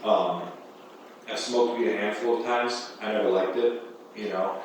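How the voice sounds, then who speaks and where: A man's voice: on the low side, a little slow. A man guest on a podcast telling a wild story in casual chat, swearing constantly and laughing as he goes. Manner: animated, profane, laughing storyteller. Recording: echoey room, distant mic, faint noise.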